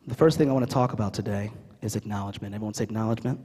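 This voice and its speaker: A man's voice: lowish voice, very fast. A man giving a motivational talk, telling a story, acting out the voices and calling on the audience. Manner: animated, acts out dialogue, calls on the audience. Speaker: keynote speaker. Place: large conference hall. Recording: reverberant hall.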